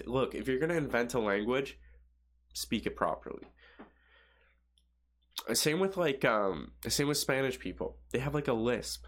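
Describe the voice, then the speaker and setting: A man's voice: medium pitch, expressive, normal speed, fairly bright tone. A young man hosting a podcast, rambling casually and profanely, with many fillers and restarts. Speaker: podcast host.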